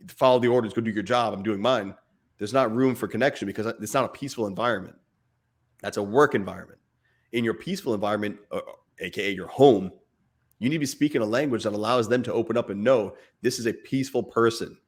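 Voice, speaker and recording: Earnest lowish-voiced father talking. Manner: earnest, speaks in bursts, imitates barking dad voice. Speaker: podcast co-host. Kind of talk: casual chat.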